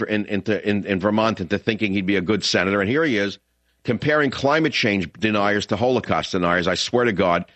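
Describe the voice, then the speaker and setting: A man's voice: deep voice, a bit bright, no room sound. A man hosting a talk radio show, ranting and mocking in a combative monologue. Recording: slightly dull lo-fi broadcast audio.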